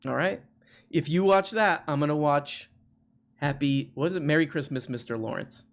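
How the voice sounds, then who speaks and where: A man hosting a live online show, talking in a loose, rambling way and joking with a caller. He often restarts his sentences. His voice sits a little high for a man. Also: moderate pace. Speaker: livestream host. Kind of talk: casual chat with a caller.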